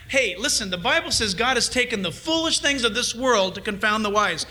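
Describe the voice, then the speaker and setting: A middle-aged man preaching a sermon, swinging between loud urging and hushed asides. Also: extremely high pitch, lively intonation, fairly quick, few pauses. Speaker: pastor.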